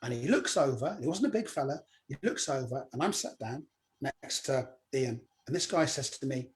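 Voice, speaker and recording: A man's voice: mid-range voice, moderate pace. A middle-aged man from Cornwall, a comedian telling anecdotes in an interview and acting out the voices of the people in his stories. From Cornwall, England. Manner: animated storyteller, acting out quoted voices. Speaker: guest comedian. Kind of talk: conversational anecdote.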